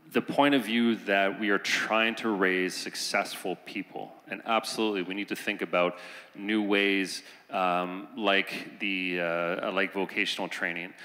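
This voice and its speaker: Low bright-voiced guy making an earnest point on a panel, big echoey hall. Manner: earnest, building urgency. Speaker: panelist, teacher. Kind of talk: panel talk. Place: conference hall. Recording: reverberant hall.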